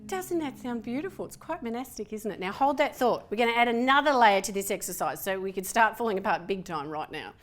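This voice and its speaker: A woman leading a group through breathing and humming exercises, a lively, playful instructor who counts slowly and cues each step. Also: mid-range voice. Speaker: voice workshop presenter. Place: room with a participating group.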